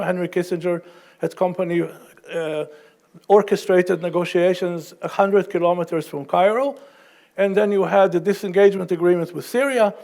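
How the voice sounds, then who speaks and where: A middle-aged man speaking as a panelist at a university event, wry at first and then measured and explanatory, often restarting his sentences. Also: high voice, a little mellow. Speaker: panelist and professor.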